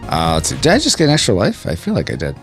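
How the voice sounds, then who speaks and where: A man's voice: lowish voice, rapid-fire, gravelly, faint music behind. A man hosting a podcast stream, chatting casually and jokingly as he reads the live chat while playing a game. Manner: animated, jokey, breaks into a mock accent.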